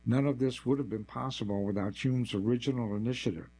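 A man narrating a nonfiction article as scripted narration, with a measured, even delivery. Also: medium pitch, slight background noise, rough recording.

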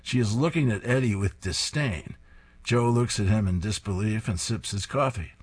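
A man's voice: fairly low pitch, normal speed, slightly rough. A man reading comic strips aloud, describing each panel in an amused, descriptive way.

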